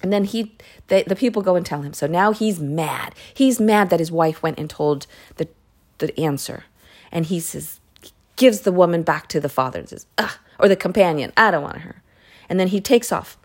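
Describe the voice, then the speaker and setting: A woman's voice: on the low side, animated, normal speed, a little mellow. A woman casually retelling Bible stories in a chatty way, with self-corrections and side remarks. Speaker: Bible reading podcaster.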